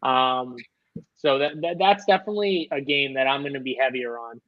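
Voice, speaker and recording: A man's voice: mid-range voice, moderate pace, no room sound, highs cut off. A man talking through fantasy baseball picks on a live show in a loose, rambling way, with lots of fillers. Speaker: fantasy sports analyst. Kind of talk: casual live-show chat.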